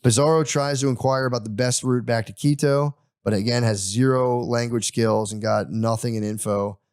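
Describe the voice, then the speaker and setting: A man's voice: mid-range voice, fairly even intonation, moderate pace, a little mellow, clear, resonant tone, no echo, clean studio sound. A young man hosting a podcast, casually retelling a history story with crude humor and voiced quotes.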